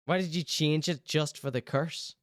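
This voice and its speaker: Teasing man, smooth voice. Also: a little high, fairly even intonation, normal speed, dry recording, clean studio sound. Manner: chatty, teasing, mock-concerned asides. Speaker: host reacting to clips. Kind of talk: casual reaction commentary.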